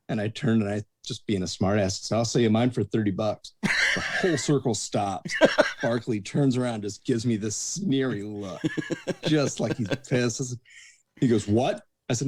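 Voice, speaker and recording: A man's voice: on the low side, moderate pace. A man, a bouncer and bartender, telling casual anecdotes on a podcast and acting out the voices of the people in them. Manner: lively storyteller acting out quoted voices.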